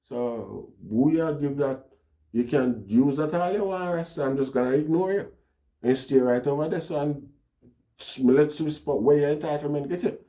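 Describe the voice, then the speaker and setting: A man with a warm, higher-pitched voice speaks at a moderate pace with a Jamaican accent. He's a vlogger telling a personal story in a loose, rambling monologue, regularly adding "you know, see."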